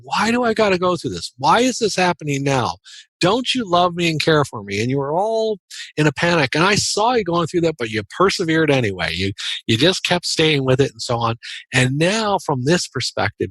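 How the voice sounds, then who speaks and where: A man quoting a calm, kindly male God figure in a gentle, reassuring voice close to his own. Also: a little high, moderate pace, no echo.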